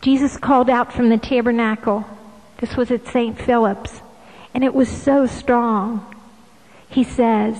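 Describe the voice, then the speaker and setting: A woman's voice: a little high, fairly even intonation, a little slow, a little mellow, long reverb tail, low-quality recording. A woman giving a devotional testimony in a fervent, emotional way. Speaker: speaker sharing devotional messages.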